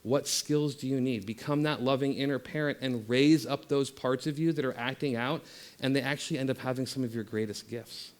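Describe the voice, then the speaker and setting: A man delivers a spiritual talk in a middle-pitched voice. He preaches with passion, pushing loud when he exhorts and going soft and low when he leads the listeners inward. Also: steady tone, brisk. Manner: impassioned, rising loud in exhortation, dropping soft for meditation. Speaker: guest speaker at a spiritual center. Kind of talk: spiritual talk and guided meditation.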